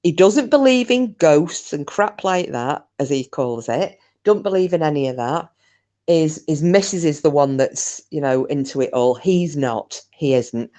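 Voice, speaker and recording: A woman's voice: low-pitched, darkish tone. A woman, casually telling a ghost story in a chatty, rambling way, with swearing and restarts. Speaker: channel host.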